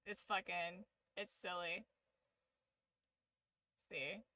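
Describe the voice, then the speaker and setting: A woman's voice: fairly high pitch, unhurried, sharp tone, smooth, no room sound. A woman streamer giving casual reaction commentary, muttering asides and swearing casually.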